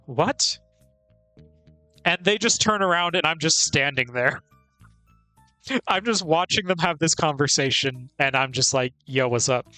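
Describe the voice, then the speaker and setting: A man gives casual gameplay commentary in a slightly high voice, playful and talkative. He laughs easily between thoughts, and faint game music plays underneath. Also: expressive, measured pace, pauses often, bright, forceful tone, dry recording. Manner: chatty and playful, laughs often. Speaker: streamer.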